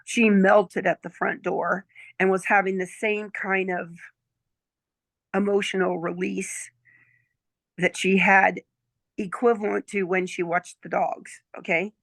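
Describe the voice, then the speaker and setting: Brief: gravelly-voiced woman in her sixties, chatty storyteller, dry close sound. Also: medium pitch, level tone, slow pace, pauses often, fairly bright tone, no room sound. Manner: chatty, checks in with "okay?" and "right?". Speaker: client giving a testimonial. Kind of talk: casual storytelling chat.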